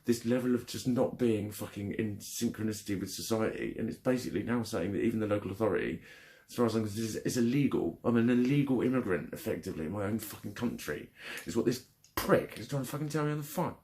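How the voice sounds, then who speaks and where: A man's voice: lowish voice, animated, fast, few pauses, a little mellow. A young man venting angrily in a personal vlog, swearing heavily and retelling a frustrating phone call. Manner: angry, frustrated, heavy swearing. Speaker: vlogger. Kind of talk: ranting vlog.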